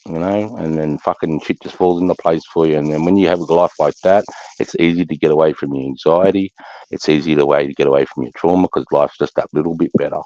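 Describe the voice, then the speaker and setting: Very deep, dark-voiced Australian man. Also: fairly even intonation, fast, dry recording, lo-fi sound. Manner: blunt, sweary, matey. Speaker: veteran guest. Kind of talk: casual chat.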